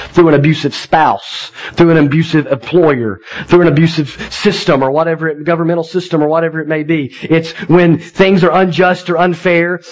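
A pastor in his thirties preaches a sermon with a slightly high-pitched voice. He talks in a relaxed, folksy way, often checking in with his listeners. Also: low-quality recording. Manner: conversational, folksy, asks listeners "right?".

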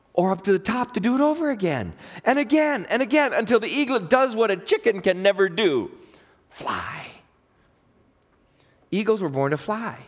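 An older man, a chaplain, preaching a sermon through a folksy personal story with acted-out dialogue. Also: sits high.

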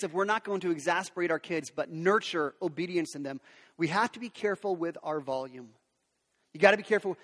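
A man's voice: sits high, fairly bright tone. A man preaching a sermon to parents in an earnest, conversational way. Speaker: pastor. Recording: long reverb of a large hall.

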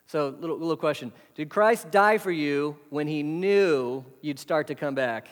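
A pastor preaching a sermon in a conversational way, full of rhetorical questions. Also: male voice, fairly high pitch, moderate pace, hardly any pauses. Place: church hall. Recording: hall reverb.

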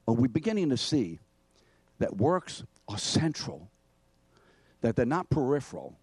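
A man's voice: medium pitch, measured pace, vocal fry, pauses often, slightly rough, dry recording. Older man preaching, quizzing his congregation. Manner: animated, calls out questions and demands answers. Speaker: preacher and Bible teacher. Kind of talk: interactive sermon, quizzing the congregation.

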